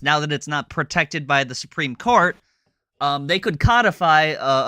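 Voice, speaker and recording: A man hosting a live stream, ranting sarcastically and fast with lots of fillers as he reacts to a clip. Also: on the high side, bright, forceful tone, no room sound, studio quality. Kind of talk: casual chat reacting to a clip.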